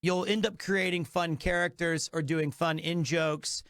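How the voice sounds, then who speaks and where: A man chats to his stream with eager, rambling energy, circling back on his own phrases. His voice sits high. The sound is close and dry, with no room around it. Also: steady tone, measured pace, creaky, fairly bright tone, no room sound. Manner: enthusiastic, rambling with restarts. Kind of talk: casual live-stream chat.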